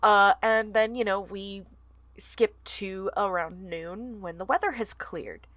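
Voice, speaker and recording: A woman's voice: medium pitch, slow, a bit bright, no room sound. A young American woman co-hosting a podcast, chatting enthusiastically about a book and reading passages aloud with frequent giggles. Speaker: podcast co-host. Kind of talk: casual book-club chat and reading aloud.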